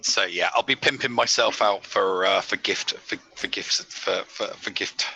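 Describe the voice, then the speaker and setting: A man's voice: sits low, measured pace, gravelly, bright, forceful tone, slight background noise, poor audio. A man, chatting casually on a live gaming stream and correcting himself as he rambles. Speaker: co-host panelist.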